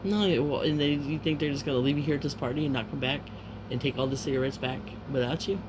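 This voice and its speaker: A man's voice: medium pitch, fairly even intonation, quick pace, background noise. A man telling a rambling, profane anecdote, full of filler words and trailing asides.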